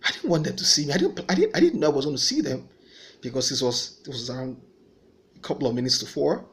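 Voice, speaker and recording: A man's voice: mid-range voice, very animated, fast talker, a bit bright. A man giving an earnest personal faith testimony, telling his story and voicing remembered dialogue.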